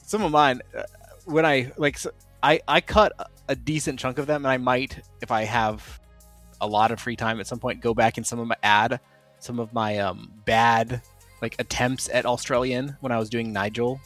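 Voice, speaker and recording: A man's voice: medium pitch, steady tone, moderate pace, fairly bright tone, soft background music. Rambling male podcast host. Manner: rambling, self-correcting, laughs often. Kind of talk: casual chat.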